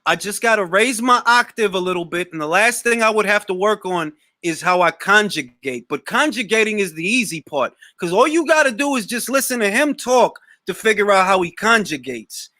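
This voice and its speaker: A man's voice: high-pitched, animated, moderate pace, few pauses, bright, forceful tone, no echo, studio quality. A young man hosting a boxing talk show, answering live questions in a casual, slangy way and often repeating words as he starts a thought.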